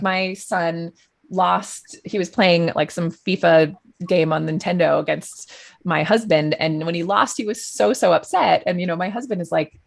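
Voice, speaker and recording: Creaky-voiced woman talking about parenting. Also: on the low side. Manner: thoughtful, many fillers and restarts. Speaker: guest, journalist. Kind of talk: conversational podcast interview.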